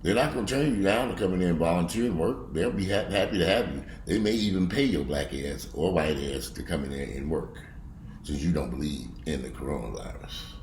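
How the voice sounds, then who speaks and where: A man in a profane, angry rant. He curses bluntly and mocks people, swinging between low grumbling and loud outbursts. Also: brisk, a little hiss or hum. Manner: blunt, heavy cursing, mocking. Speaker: video blogger. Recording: echoey room.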